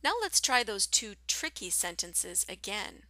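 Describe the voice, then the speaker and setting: Woman, pronunciation teacher, scripted lesson, soft, partly whispered, careful enunciation, bright tone, dry sound. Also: mid-range voice, sing-song, no room sound. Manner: slow, careful, clearly enunciated.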